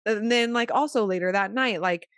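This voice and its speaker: A woman co-hosting a podcast who tells stories in an animated way, laughing often. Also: fairly high pitch, moderate pace, smooth, no echo. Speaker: podcast co-host, retreat leader. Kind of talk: casual chat.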